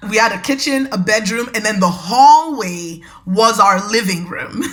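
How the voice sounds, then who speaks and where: A woman hosting a podcast, telling a personal story in a lively, conversational way and talking straight to her listeners. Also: mid-range voice. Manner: animated, conversational, addresses listeners as y'all. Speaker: podcast host.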